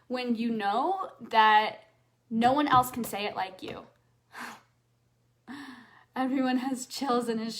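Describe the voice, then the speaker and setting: A woman coaching a live audience, speaking earnestly and repeating phrases for emphasis, sometimes dropping to a soft hush as she leads affirmations. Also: on the high side.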